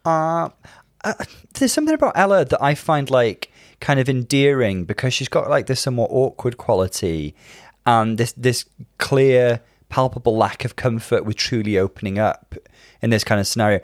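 A man with a mid-range voice co-hosts a relaxed chat. He is analytical and measured and lays out his points carefully. The recording is dry, with no room sound. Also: medium pitch, no room sound. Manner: analytical and measured, gives detailed breakdowns. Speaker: podcast co-host. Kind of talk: casual chat.

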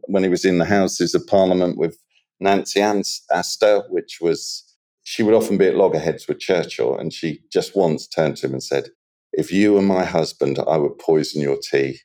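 A British man chatting as a podcast guest, telling stories in a relaxed, slangy way. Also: low voice, moderate pace. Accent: British English. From England. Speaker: guest, water treatment expert. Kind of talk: casual interview chat.

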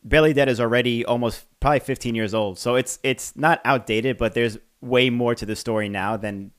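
Man, podcast host, rapid delivery, smooth clear voice, eager, encouraging. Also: mid-range voice, steady tone. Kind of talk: casual interview chat.

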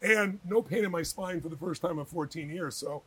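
A man being interviewed as a guest author, telling animated, emphatic stories in a quick, energetic manner. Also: fairly high pitch, slightly rough, poor audio.

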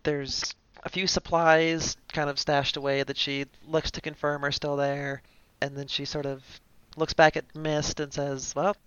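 A man playing a tabletop game, describing his character's actions in a halting, filler-filled way. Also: on the high side, little pitch movement, fairly bright tone, smooth, dry recording, muffled recording. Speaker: player.

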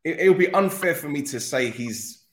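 A man's voice: on the high side, lively intonation, normal speed, fairly bright tone. A man hosting a casual football interview, chatty and rambling, joking with guests. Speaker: podcast host. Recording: echoey room.

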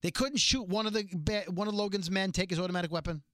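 A man hosts a casual podcast and recaps a TV episode in a chatty, joking way, full of rambling asides. His voice is bright and sits a little high. The sound is dry and close, with no room echo. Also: quick pace. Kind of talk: casual chat.

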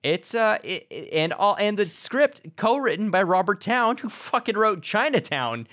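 A man co-hosting a casual film chat, sardonic and lively, casually profane. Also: high-pitched, normal speed. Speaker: podcast co-host, film discussion.

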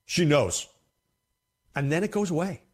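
A man hosts a fantasy football show, speaking casually to the camera with emphasis and often repeating himself for effect. His voice runs high and lively, at an unhurried pace.

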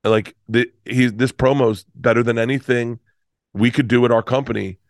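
A middle-aged comedian telling a rambling, emotional story in casual talk, swearing and restarting often. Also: male voice, mid-range voice, fairly even intonation, moderate pace, dry recording, studio quality. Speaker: comedian guest.

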